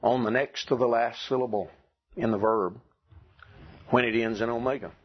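A man teaching a classroom lesson, asking his students questions and clearing his throat now and then. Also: mid-range voice, steady tone, moderate pace. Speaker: Greek teacher. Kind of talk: classroom lecture. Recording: dull lo-fi classroom recording.

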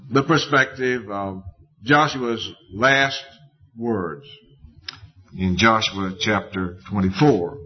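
Slow, deliberate male preacher. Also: medium pitch. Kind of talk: sermon. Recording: dull lo-fi recording.

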